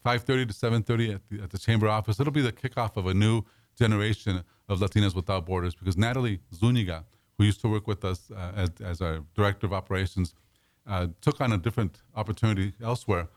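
Fast-talking low-voiced male host. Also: no echo, studio quality. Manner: rambling, self-correcting, repeats words. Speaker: radio show host. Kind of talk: casual talk show chat.

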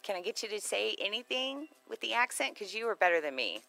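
A woman's voice: medium pitch, very animated, fast, vocal fry, bright, forceful tone, soft background music. A woman co-hosting a radio show in casual banter, bubbly and jokey, laughing often.

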